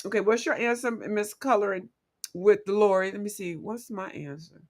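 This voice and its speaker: A woman hosting a casual livestream, chatting playfully with viewers and quick to laugh. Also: mid-range voice. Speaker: livestream host.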